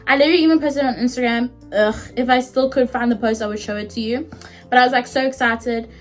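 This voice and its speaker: A woman's voice: on the high side, quick pace, soft background music. Chatty young South African woman. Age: 20s. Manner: chatty, animated, swears freely. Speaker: vlogger. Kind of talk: casual storytime.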